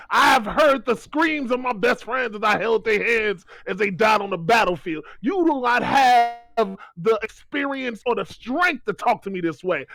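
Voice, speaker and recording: A battle-scarred warrior, played by a man in a tabletop game, threatening someone in a loud, forceful voice. The tone is sharp and high, and the recording is dry and close. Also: dry recording. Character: battle-scarred male warrior, fierce and intimidating.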